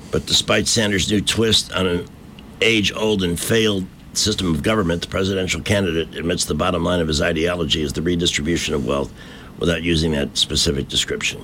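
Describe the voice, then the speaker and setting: Deep, bright-toned sarcastic radio host man. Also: a little hiss or hum. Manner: combative, sarcastic, mocking. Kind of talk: opinionated talk radio commentary. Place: radio studio.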